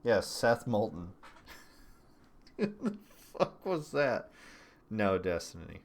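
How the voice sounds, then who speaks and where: A man's voice: medium pitch, sing-song, drawn-out words, slightly rough. A young man doing casual livestream political commentary: sarcastic, profane, and laughing often.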